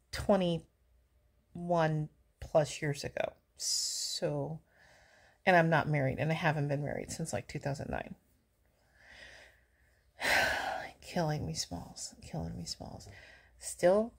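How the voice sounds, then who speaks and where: A woman's voice: lowish voice, a little mellow. A woman in her forties rambling sarcastically in a casual chat while reacting to a movie, a little out of breath from walking. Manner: chatty, sarcastic, easily amused.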